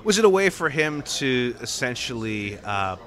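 A man's voice: mid-range voice, sing-song, moderate pace, a bit bright. A man hosting an interview, asking long, rambling questions full of stammers and restarts. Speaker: podcast host, interviewer. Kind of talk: conversational interview.

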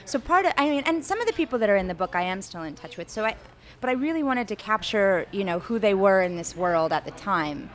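A woman's voice: mid-range voice, big pitch swings, quick pace. A young adult woman author in an interview, talking in a rambling, hesitant way full of fillers and restarts. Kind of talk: conversational interview.

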